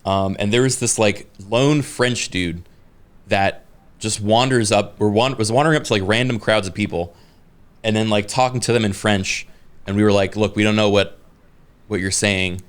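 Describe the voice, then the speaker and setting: A man's voice: on the low side, normal speed, clear, resonant tone. A man in his thirties co-hosting a podcast, telling a story casually with many fillers and restarts. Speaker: podcast co-host. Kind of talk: casual chat.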